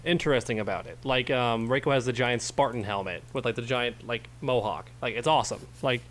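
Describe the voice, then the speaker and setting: A man's voice: mid-range voice, a little fast, fairly bright tone. A man co-hosting a casual gaming podcast who often laughs and tells stories, speaking into a podcast microphone. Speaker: podcast co-host.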